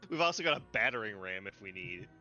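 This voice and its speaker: Player, male, bright and lively voice, self-mocking table talk over a dull mic. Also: on the low side, quick pace, faint music behind. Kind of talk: casual chat at a game table.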